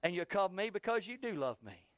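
A man pastor preaching a sermon in a church, building to heated rapid questioning and then easing down. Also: sits high, very animated, fairly bright tone, no echo.

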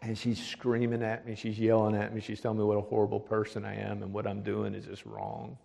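Gravelly low-voiced preacher in a hall. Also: male voice, completely flat delivery, fairly quick. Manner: drops to a hushed voice for quoted speech. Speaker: pastor. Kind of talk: storytelling testimony. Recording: long hall reverb.

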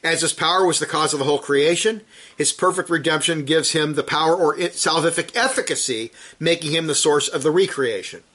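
A man delivering a sermon from scripture, his voice sitting a little higher than most men's. He preaches with emphasis, swelling to forceful peaks before sinking low and quiet again. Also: fairly quick.

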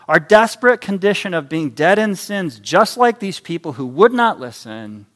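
A man preaching a sermon, animated, acting out voices in his illustrations. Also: high-pitched, moderate pace.

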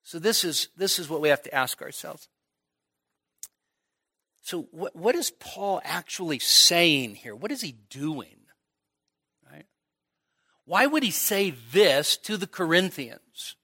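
Bright-toned slow-speaking male preacher. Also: a little high, very animated, breathy edge. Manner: conversational, asks the audience "right?" and "okay?" often; acts out imagined dialogue with playful sarcasm. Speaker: pastor. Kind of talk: expository sermon.

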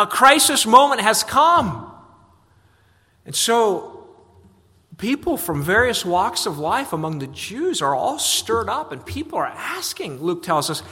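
A pastor with a bright, forceful voice pitched a little high delivers an earnest sermon. He doubles words as he restarts thoughts and lifts his voice on questions. The sound carries the long reverb of a large sanctuary. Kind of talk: expository sermon.

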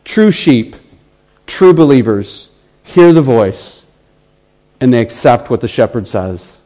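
A man preaching an expository sermon in an earnest way, repeating phrases for emphasis and swinging from hushed to raised. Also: mid-range voice, very animated, slow pace, low-quality recording.

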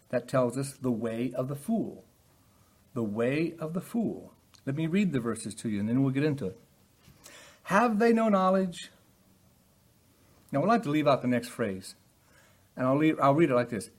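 An older man teaching a Bible passage in a sermon style, earnest, moving from quiet explanation to loud emphatic passages. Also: medium pitch, expressive, normal speed, long pauses.

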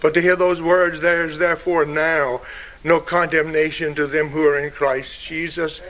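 A man's voice: level tone, normal speed, low-quality recording. An older man preaching a fervent, emotional sermon, quoting scripture in old-fashioned wording. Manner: fervent, emotional preaching with wide swings in pitch and loudness.

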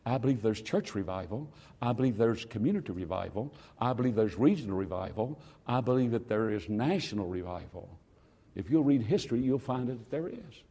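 Guy preaching revival, voice jumps way up and down, drawn out words, reverb-y church hall. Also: slightly rough. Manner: swings from hushed low phrases to ringing high cries; slow, drawn-out emphasis on key words. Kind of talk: revival sermon.

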